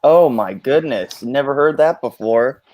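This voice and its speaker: A man's voice: mid-range voice, expressive, measured pace, darkish tone, dry recording. A man on a casual late-night chat panel, sarcastic, exclaiming and swearing.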